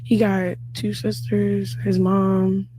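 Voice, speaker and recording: A woman guest in an interview, casually recounting a story in a rambling, halting way with many fillers. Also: medium pitch, monotone, dark tone, breathy edge.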